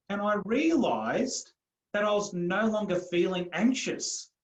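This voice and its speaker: A middle-aged man tells his personal story earnestly in a podcast interview. He talks emphatically and repeats phrases with growing force. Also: sits high. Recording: roomy echo.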